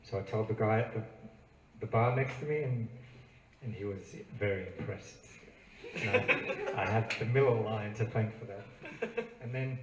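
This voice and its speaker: An Australian man spins a rambling, self-amused anecdote between songs at a small bookstore gig. His voice sits fairly low, and it reaches the recording from a distance through a roomy space. A faint hum of ambience runs underneath. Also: moderate pace, long pauses. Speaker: singer-songwriter telling a story between songs. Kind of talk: comic storytelling at a live gig. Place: small bookstore venue with an audience.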